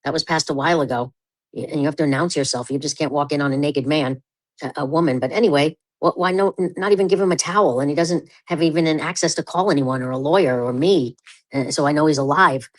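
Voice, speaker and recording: A woman's voice: sits low, fast talker, no echo. An upset woman calling about her son, stammering as she speaks. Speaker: caller, mother of a jailed son. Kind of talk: phone call.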